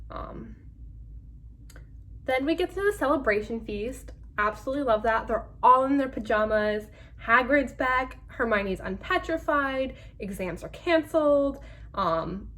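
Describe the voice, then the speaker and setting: A young woman reviewing a book for her vlog. She talks casually and chattily, filling pauses with 'um' and 'like', at a medium pitch for a woman. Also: a bit bright, a little hiss or hum, poor audio. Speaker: book club vlogger.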